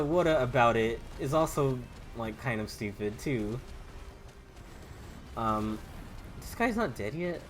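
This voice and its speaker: Young man, Southern US accent, lively rambling gaming commentary, a bit high, game music faint underneath. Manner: rambling, stammering restarts, swears. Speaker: gaming YouTuber.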